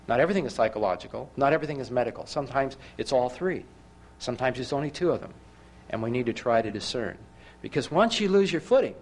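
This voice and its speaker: A man preaching a sermon, telling a story with animated, emphatic rises and frequent restarts. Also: mid-range voice.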